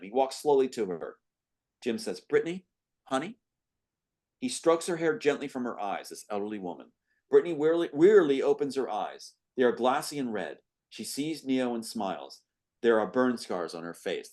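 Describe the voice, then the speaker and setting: A man's voice: mid-range voice, very animated, moderate pace, darkish tone. A man reads through his own script, playing every part himself. He keeps breaking off to comment, and his voice catches with emotion along the way. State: choked up with emotion. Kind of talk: dramatic script reading with commentary.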